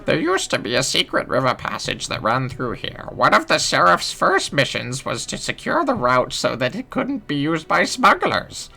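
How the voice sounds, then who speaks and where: A man voicing a chatty old village woman from a video game who slowly recounts the history of her village. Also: a little high, wildly swooping pitch, creaky, bright, forceful tone, voice pushed up, full character voice. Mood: telling history. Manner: slow, lilting storyteller.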